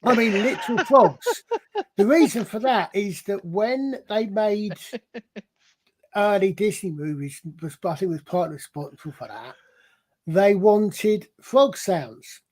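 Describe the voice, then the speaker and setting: A man's voice: sits high, expressive, unhurried, mellow. A man in a casual panel chat, explaining things at length in a rambling, digressive way with many restarts. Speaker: panel guest.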